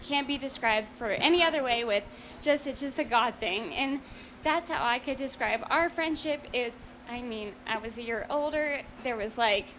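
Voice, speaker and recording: Young woman, high bright voice, earnest rambling toast. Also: moderate pace, slight background noise. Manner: earnest, rambling, many "like" fillers. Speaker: friend giving a toast. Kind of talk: rehearsal dinner toast.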